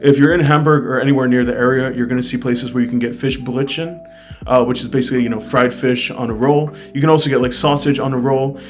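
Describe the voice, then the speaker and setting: A man's voice: medium pitch, fairly even intonation, fast talker. An American man talking casually to his viewers in a travel review, enthusiastic and peppering his speech with "like" and "I mean". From United States. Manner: chatty, fills speech with "like" and "I mean"; enthusiastic, recommends things directly to viewers. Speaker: travel vlogger. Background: faint guitar music.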